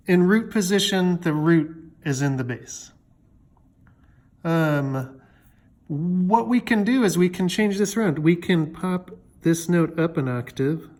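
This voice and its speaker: Slow, expressive, and a bit mellow, a slightly high-voiced man explains music theory casually. He fills his speech with filler words and small jokes, like he's walking a friend through it.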